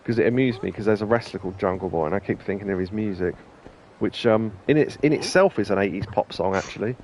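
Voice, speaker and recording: Man, let's play commentary, low-ish voice, chatty, rambling, faint noise behind. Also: fast talker, a little mellow. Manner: rambling, chatty, many ums and asides. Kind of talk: casual gameplay commentary.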